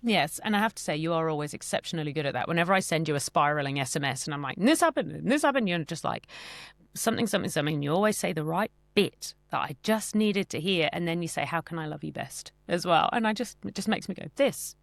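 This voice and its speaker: Rambling Australian woman with a gravelly voice. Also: deep voice, fast talker, few pauses, dry recording. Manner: rambling, self-deprecating, laughs often. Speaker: podcast co-host. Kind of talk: casual chat. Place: home podcast studio.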